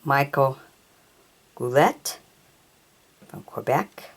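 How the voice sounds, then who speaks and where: In a low, expressive, slightly rough voice, a hockey card collector reads her trading cards one after another, naming players and teams at a very slow, unhurried pace. Her pitch varies widely, and she stumbles now and then while haltingly working out tricky names.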